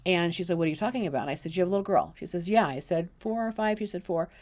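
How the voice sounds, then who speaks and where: A woman's voice: fairly low pitch, rapid-fire, darkish tone. A middle-aged woman, an intuitive counselor, telling a personal story in a casual, earnest way, often restarting and repeating words.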